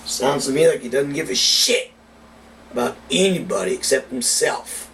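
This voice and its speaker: A cigar reviewer delivers a heated political rant in a casual vlog monologue, swearing heavily. His medium-pitched, fairly bright voice is animated at a moderate pace, picked up by a distant mic with faint background noise.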